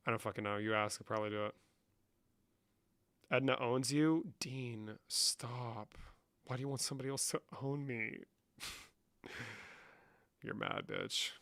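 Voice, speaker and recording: A man's voice: medium pitch, sharp tone, clear, resonant tone, no echo. A young man live-streaming, casually reading chat comments and answering them with lots of swearing. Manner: profane, reads chat aloud and answers.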